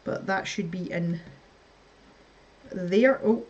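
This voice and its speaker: A woman's voice: medium pitch, slow, long pauses, muffled recording. A woman hosting a casual live stream, chatting to her viewers as she builds, laughing often and muttering to herself. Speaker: livestream host.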